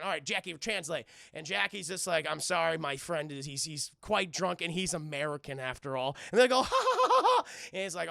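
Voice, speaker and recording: A man's voice: sits high, gravelly, no echo, clean studio sound. A man recapping a film scene by scene for his live chat, swearing freely and acting out the characters' lines. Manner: profane, animated, acts out quoted lines. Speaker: streamer reviewing a film. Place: home streaming setup.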